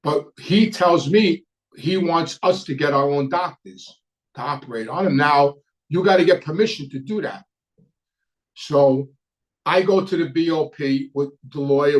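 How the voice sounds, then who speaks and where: A middle-aged man telling a personal story in an animated way, acting out the dialogue with frequent restarts. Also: fairly high pitch, rough recording. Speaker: podcast host telling a story. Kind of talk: casual storytelling.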